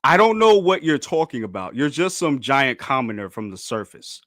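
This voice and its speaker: A man's voice: medium pitch, big pitch swings, moderate pace, fairly bright tone, no room sound, clean studio sound. A man reading out the lines of an arrogant young noble in his own near-normal voice. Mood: dismissive.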